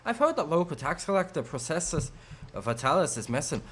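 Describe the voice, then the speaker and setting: A man voicing a brisk, helpful male scout guide with a put-on Irish accent, reciting places and routes in a lilting voice. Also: on the high side, very animated, fairly bright tone, slight background noise.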